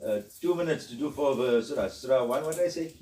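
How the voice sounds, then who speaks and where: A middle-aged man teaching a religious study lesson, emphatic and excitable, switching between chanted recitation and explanation. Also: mid-range voice, fast talker, a little hiss or hum. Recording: echoey room, mic at a distance.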